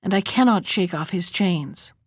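A woman voicing a captive, wily old woman at a mill in a storybook reading, with a gentle, coaxing manner. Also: on the low side, lively intonation, moderate pace, husky, no echo, clean studio sound.

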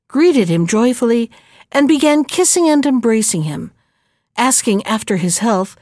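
A woman reading a fairy tale aloud in a slow, measured narrating voice. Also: on the high side, a little mellow, no room sound, clean studio sound. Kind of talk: storybook reading.

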